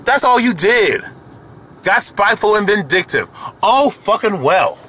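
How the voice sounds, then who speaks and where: A man's voice: sits high, animated, unhurried, bright, forceful tone, husky. A man delivering an angry, profane rant to camera as a video commentator, heated and repetitive, often restarting his sentences.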